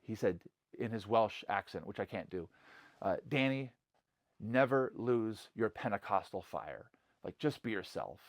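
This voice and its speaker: A man's voice: lowish voice, a bit bright, no echo, clean studio sound. A middle-aged man, a pastor, talking casually to camera in a loose, conversational way full of "like" and "you know," earnest about passion and conviction. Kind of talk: casual spoken reflection to camera.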